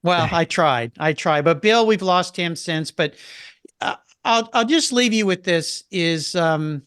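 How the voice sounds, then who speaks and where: A man's voice: sits high, a little slow, fairly bright tone, smooth, dry recording, clean studio sound. An older man chatting as a podcast guest, telling stories with enthusiasm. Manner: enthusiastic, storytelling. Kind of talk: casual interview chat.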